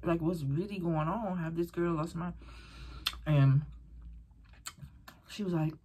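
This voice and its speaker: A woman vlogger casually telling a story while eating, animated and rambling, acting out the voices of people she quotes. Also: on the low side, slow. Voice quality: very breathy, husky.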